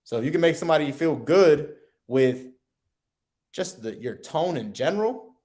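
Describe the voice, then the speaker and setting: A man's voice: a little high, lively intonation, normal speed, a little mellow. A man co-hosting a sales podcast, explaining in a loose, chatty way that often restarts and keeps checking in with "right?". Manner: loose, repeats himself, says "right?" often. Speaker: co-host, sales coach. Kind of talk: casual podcast chat.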